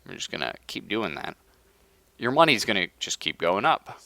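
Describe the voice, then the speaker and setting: A young man live-streaming a strategy game, hoarse from being sick, ranting in casual chat and laughing often. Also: lowish voice, big pitch swings, a little fast, fairly bright tone, no echo, clean studio sound. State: hoarse from illness. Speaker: livestreamer.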